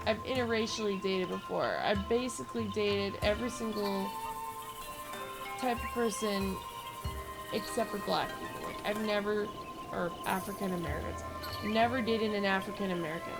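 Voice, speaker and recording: A young woman hosting a gaming channel, telling a rambling story with lots of filler words and getting animated as she goes. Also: mid-range voice, moderate pace, over loud music. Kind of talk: casual rambling commentary over gameplay.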